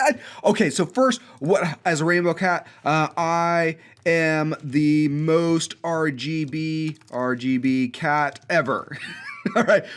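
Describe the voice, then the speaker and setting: A young man hosting a coding school showcase, energetic and enthusiastic as he plays student games and pokes fun at himself. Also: fairly high pitch. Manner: energetic, enthusiastic, self-mocking. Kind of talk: upbeat video showcase, playing student games. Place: indoor studio with green screen.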